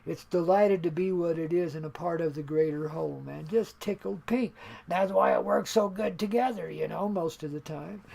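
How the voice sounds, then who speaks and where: A man's voice: a little high, moderate pace, vocal fry, darkish tone. An older man hosting his own radio show, talking in a folksy, laid-back, rambling way about spirit and life and laughing at his own jokes.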